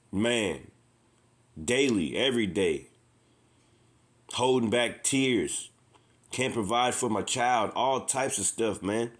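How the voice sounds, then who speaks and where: Man, informal preacher, impassioned, repetitive, reads scripture aloud. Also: on the low side. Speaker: street preacher.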